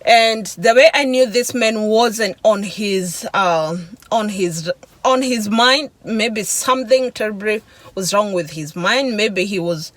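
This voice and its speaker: A woman vlogger telling an emotional personal testimony, halting and searching for words, with sighs and restarts. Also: mid-range voice, a bit bright, dry recording, low-quality recording. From Africa.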